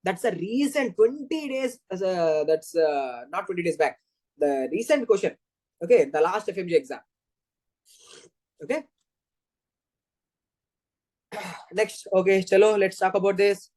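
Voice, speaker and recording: A man's voice: high-pitched, expressive, unhurried, long pauses, darkish tone, no echo. A man with an Indian accent teaching physiology in an exam-prep lecture, repeating points step by step. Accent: Indian English. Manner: repetitive, explaining step by step.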